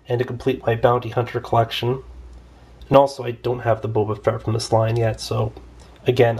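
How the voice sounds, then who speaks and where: A man's voice: medium pitch, a little mellow. A man casually reviewing an action figure, rambling loosely with lots of fillers and a wry, mildly complaining edge. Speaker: toy reviewer. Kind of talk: casual toy review vlog.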